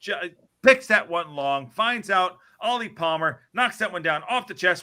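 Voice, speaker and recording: A man hosting a podcast, calling match highlights in an excitable, joking play-by-play with some swearing. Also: moderate pace. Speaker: podcast host. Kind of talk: casual match commentary.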